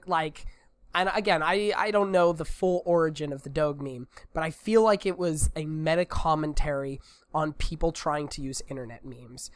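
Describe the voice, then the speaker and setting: A man co-hosting a casual podcast chat, animated and opinionated as he argues his points. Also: fairly high pitch, no echo, studio quality. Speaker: podcast co-host. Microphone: podcast mic.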